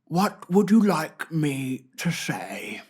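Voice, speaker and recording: A man doing a comic impression of a soft, reverent older nature documentary narrator. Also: fairly high pitch, very animated, slow pace, breathy edge, heavily acted. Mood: hushed.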